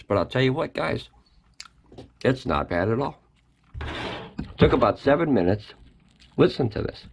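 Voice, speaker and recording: Folksy guy doing a review in his kitchen, gravelly voice, faint hiss behind. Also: mid-range voice, lively intonation, normal speed, long pauses. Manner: chatty, folksy, talks to viewers directly. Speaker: product reviewer. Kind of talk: casual product review vlog.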